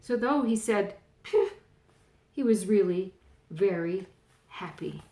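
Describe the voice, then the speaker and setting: Grandmotherly woman reading a storybook aloud, unhurried, in an echoey room. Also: medium pitch. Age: older. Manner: gentle, pointing out pictures.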